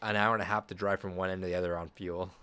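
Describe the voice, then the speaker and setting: A man co-hosting a casual gaming podcast, talking eagerly with a lot of halting restarts. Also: deep voice, flat delivery, pushed and bright, smooth, dry recording. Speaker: podcast co-host. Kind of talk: casual chat.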